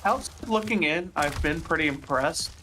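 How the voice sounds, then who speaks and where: A man co-hosting a casual gaming chat, speaking hesitantly with many pauses. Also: a little high, expressive, crowd noise, low-quality recording. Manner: hesitant, lots of uh fillers. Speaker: podcast co-host.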